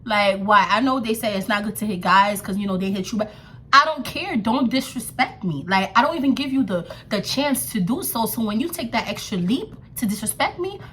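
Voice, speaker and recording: A young woman vlogger telling a story in a sassy, animated way, full of slang and fillers. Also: medium pitch, fairly quick, husky. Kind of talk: casual storytelling to camera.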